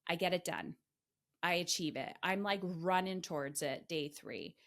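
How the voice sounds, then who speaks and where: A woman's voice: on the low side, moderate pace. Emphatic, swearing woman podcast host. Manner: emphatic, swears freely, animated retellings. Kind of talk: candid conversational storytelling.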